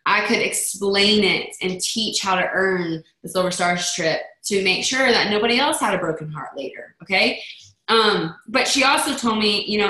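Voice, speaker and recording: A woman's voice: mid-range voice, animated, moderate pace, bright, forceful tone, echoey room, rough recording. A woman leading a motivational team call in a chatty manner, acting out the voices she quotes. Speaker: network marketing team leader.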